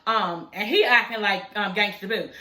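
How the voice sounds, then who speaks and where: A woman giving a casual, animated recap of a reality show, talking in slang, swearing freely and acting out the quoted lines. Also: mid-range voice, moderate pace, roomy sound, poor audio.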